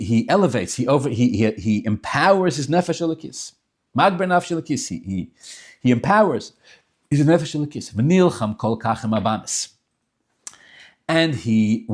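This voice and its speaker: A man teaching a religious text class in an animated, emphatic lecture style, often restarting and repeating words as he builds his points. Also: medium pitch. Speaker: Torah teacher.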